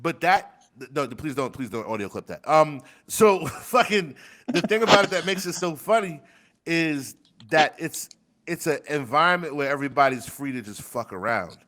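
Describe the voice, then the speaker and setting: A man's voice: fairly high pitch, lively intonation, normal speed, a bit bright. A man rambling in casual chat on a desk microphone, crude and laughing often, telling stories about his rap community. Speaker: rapper and community member.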